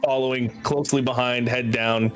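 A man narrates as game master, his pitch in the middle range. His delivery is loose and halting, full of fillers. Faint music plays underneath. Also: steady tone.

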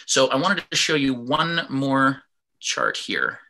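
A man teaching an online fitness class over a video call, explaining ideas calmly and acting out example sentences in different tones. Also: medium pitch, slow pace, gravelly. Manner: animated, acts out example sentences in varied tones. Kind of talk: online class lecture with screen share.

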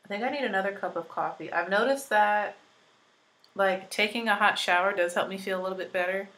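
A woman's voice: mid-range voice, brisk, a bit bright, poor audio. A woman in her twenties chatting casually through a makeup tutorial, rambling with lots of fillers, recovering from being sick. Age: 20s. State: recovering from illness. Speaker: beauty vlogger.

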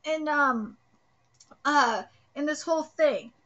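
A woman in her thirties streams a live manga reaction. Her voice sits high and sharp, and she rants with excitement and frustration, swearing freely. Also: takes it slowly, highs cut off.

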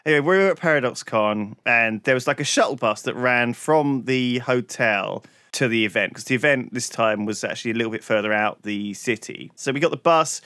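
A man's voice: mid-range voice, brisk, hardly any pauses, pushed and bright, dry recording, clean studio sound. Rambling, sweary man telling a story. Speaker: podcast co-host. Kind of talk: casual chat.

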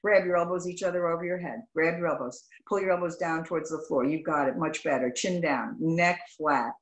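A woman yoga instructor teaching a live class over a video call, calling out poses in brisk, clipped commands and greeting students warmly by name. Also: deep voice, roomy sound, rough recording. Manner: brisk rapid-fire commands in short clipped phrases. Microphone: video call microphone.

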